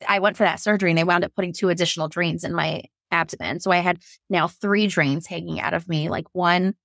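Gravelly low-voiced woman telling her story. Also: steady tone, fast talker, a bit bright, no room sound, clean studio sound. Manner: emotional, frank, laughs through hard moments. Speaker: guest sharing her birth story. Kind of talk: candid personal storytelling.

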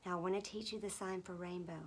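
A woman leading a gentle music and sign-language lesson for small children, speaking softly and slowly, often dropping to a whisper. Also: on the low side, steady tone, slight background noise. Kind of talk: gentle teaching for toddlers.

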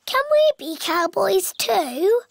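A woman's voice: big pitch swings, slow, gravelly, heavily acted. Cheerful little piglet girl Peppa. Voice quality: high childlike voice. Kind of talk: children's cartoon voice acting.

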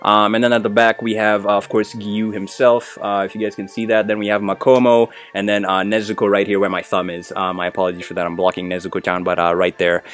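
A man hosting an unboxing video, talking viewers through each piece with fillers and sudden shouts of excitement. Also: on the low side, fast, few pauses. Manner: many fillers, addresses viewers.

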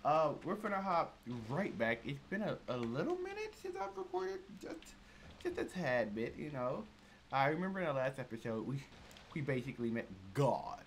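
Excitable young man with lively pitch. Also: moderate pace, slight background noise. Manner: excitable, reacts loudly, slangy and chatty. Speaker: gaming channel host. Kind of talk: casual let's-play commentary.

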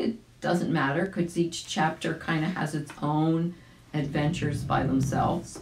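A woman reads a children's storybook aloud in a gentle, unhurried way. Her voice sits low and slow. An echoey room carries it. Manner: gentle, storybook reading with small asides. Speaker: volunteer story reader. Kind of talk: audiobook read-aloud for children.

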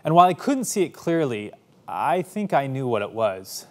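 A man in his thirties, a pastor telling stories from his childhood in a sermon, animated and acting out the voices in them. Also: medium pitch, normal speed. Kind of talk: sermon storytelling.

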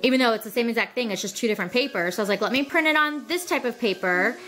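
A woman's voice: expressive, racing, bright, forceful tone, faint music behind. A woman who is sick, chatting casually at home in a rambling vlog style full of fillers. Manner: turns high and singsong when talking to her toddler. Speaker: vlogger.

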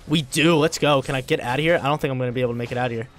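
Excitable young man commentating gameplay. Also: mid-range voice, racing, faint music behind. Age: young adult. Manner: excitable, slangy, bursts into loud hype. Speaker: gaming video creator.

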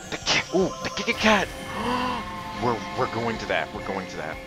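Young male let's-play gamer, jumpy lively pitch, stammers, repeats, game music under him. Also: fairly quick. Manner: excitable, stammers and repeats words. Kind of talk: excited gameplay commentary.

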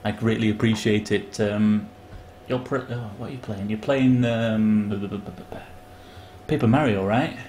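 A man live-streaming a video game, chatting excitedly and greeting viewers by name. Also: on the low side, normal speed, a little hiss or hum. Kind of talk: casual live game commentary.

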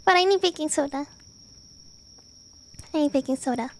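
A young adult woman streams a game, chatting casually, playfully and animatedly while swearing freely. Her voice sits high and moves at normal speed.

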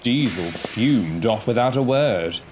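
A man doing scripted storybook narration in a measured, storytelling manner. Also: fairly low pitch, a little hiss or hum. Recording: narration over music.

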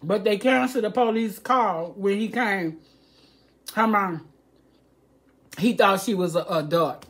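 A woman's voice: medium pitch, unhurried, pauses often. An older woman, vlogging an earnest warning to her viewers, pleading and preachy and often repeating herself. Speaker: home cooking vlogger.

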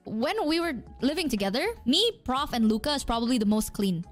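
High woman streamer, giggly anecdote, music bed underneath. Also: a little fast. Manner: animated, giggly, acts out quotes. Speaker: streamer telling a story. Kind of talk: casual storytelling in a played clip.

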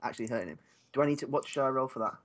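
A man's voice: medium pitch, expressive, racing, a bit bright, a little hiss or hum. A man playing in a tabletop game, thinking aloud with hesitant restarts. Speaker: player. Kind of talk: tabletop role-play.

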